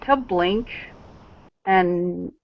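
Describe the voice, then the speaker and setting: A young woman narrating her part in a tabletop game in a halting way, with lots of fillers and frequent laughs. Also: fairly low pitch, vocal fry. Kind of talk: casual role-play narration. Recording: dull lo-fi recording.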